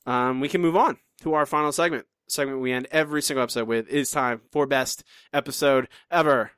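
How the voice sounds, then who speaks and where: A man's voice: mid-range voice, steady tone, fairly quick, fairly bright tone, clear, resonant tone, no room sound, studio quality. Teasing, self-deprecating podcast co-host man. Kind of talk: casual chat.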